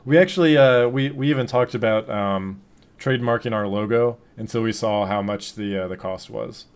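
A man's voice: fairly low pitch, moderate pace, clear, resonant tone. A man hosting a casual podcast, talking loosely with many fillers and restarts. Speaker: podcast host. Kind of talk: casual chat.

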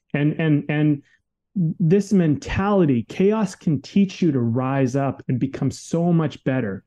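A man's voice: a little high, takes it slowly, dark tone, lo-fi sound. A man co-hosting a podcast in casual conversation, talking candidly and emphatically and swearing freely. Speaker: podcast co-host.

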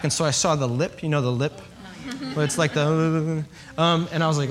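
A man's voice: on the high side, fairly quick, fairly bright tone. A man preaching a sermon, telling stories in a humorous, conversational way and checking in with his listeners. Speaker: pastor.

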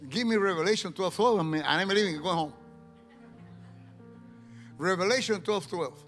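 Pastor, male, high voice, emphatic preaching with loud bursts. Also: normal speed, long pauses, soft background music. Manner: emphatic, rising to loud exclamations. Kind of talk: sermon.

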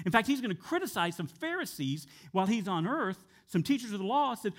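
A male pastor preaching a sermon in a conversational way, sometimes dropping soft and slow for emphasis. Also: sits high, very animated. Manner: conversational with fillers and repeated words.

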